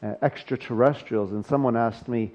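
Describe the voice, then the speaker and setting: A man's voice: mid-range voice, fairly even intonation, moderate pace, muffled recording. A male pastor preaching a sermon, talking casually and joking between his scripture readings.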